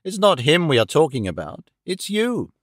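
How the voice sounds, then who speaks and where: A man playing a cold gloating villain, mocking, menacing, raised pitch, dry room. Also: wildly swooping pitch, moderate pace, a bit bright, dry recording, exaggerated voice. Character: cold gloating male villain, middle-aged.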